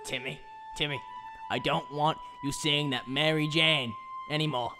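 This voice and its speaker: A woman voicing a grumpy father who scolds his son, gruff and quick, over live music. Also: low voice, fairly even intonation, voice pushed down. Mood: scolding. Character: grumpy father off to bank job. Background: live instrument music.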